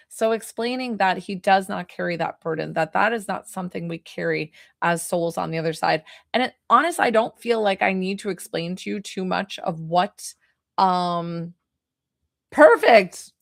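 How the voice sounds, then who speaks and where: A woman's voice: mid-range voice, gravelly, fairly bright tone, dry recording, clean studio sound. A woman working as a psychic medium, giving a live reading in a chatty way full of "like" fillers. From New York.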